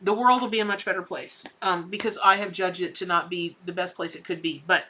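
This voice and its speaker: Middle-aged Southern woman, bright voice, warm folksy patter as a live-stream tarot reader. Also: lowish voice, steady tone, a little fast, a little hiss or hum. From American South. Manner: folksy and effusive, calls viewers honey and baby.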